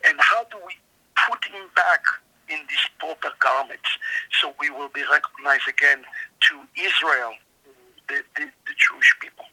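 A man's voice: fairly high pitch, normal speed, sharp tone. A man with a slightly scratchy voice, earnestly telling his story as an author interviewed on a show, stumbling and restarting as he goes. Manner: earnest, emphatic, with repeated restarts. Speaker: author and guest.

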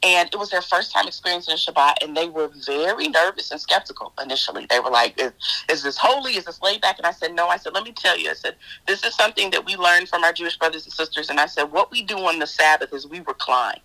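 A woman guest minister telling her faith testimony in an interview, animated and storytelling, often repeating her own words in quotes. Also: on the low side, quick pace, low-quality recording.

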